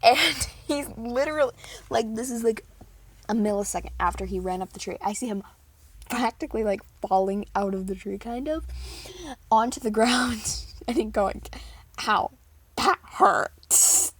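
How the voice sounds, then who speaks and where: A woman's voice: fairly high pitch, normal speed, slightly rough, no echo. A teenage girl vlogging in casual chat, rambling and giggling as she tells stories. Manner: giggly, rambling, animated storytelling.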